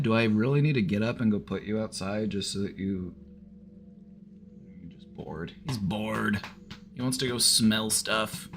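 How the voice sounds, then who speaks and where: Man, lowish voice, casual live-stream advice, filler-heavy, faint background hiss. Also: measured pace, a bit bright. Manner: casual, frequent filler "like", swears. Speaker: therapist streamer. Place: home, with his dog.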